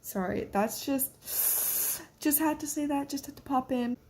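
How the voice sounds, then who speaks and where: Teen girl vlogger, high bright voice, rambling excitable casual chat. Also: a little slow, slight background noise. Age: teens. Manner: rambling, excitable, lots of filler words. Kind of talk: casual reading vlog chat.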